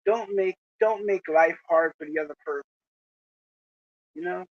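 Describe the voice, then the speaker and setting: A vlogger delivers a slow, moralizing lecture aimed at feuding creators, stopping again and again for a "you know?". The voice sits dry and close, with no room sound. The recording is dull and lo-fi. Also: mid-range voice, no echo. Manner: preachy, lecturing, repeats "you know?" often. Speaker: video creator addressing rival channels. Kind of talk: moralizing monologue to camera.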